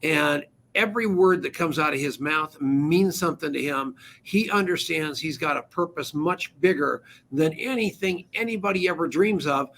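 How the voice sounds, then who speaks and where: A man's voice: a little high, moderate pace, few pauses, fairly bright tone. A man hosting a talk radio show, introducing his guest with effusive, joking praise. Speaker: host.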